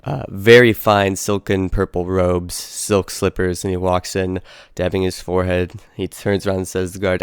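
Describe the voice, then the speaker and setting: Low-voiced male game master. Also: moderate pace, clear, resonant tone. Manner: relaxed, loose narration with many "uh" and "kinda". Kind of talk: narrating a tabletop game.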